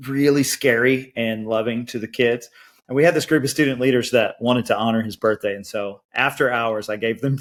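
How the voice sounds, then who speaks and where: Man telling lively anecdotes. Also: mid-range voice. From Georgia, US. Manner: lively anecdotes with acted quotes. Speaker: podcast guest, band educator. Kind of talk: storytelling interview chat.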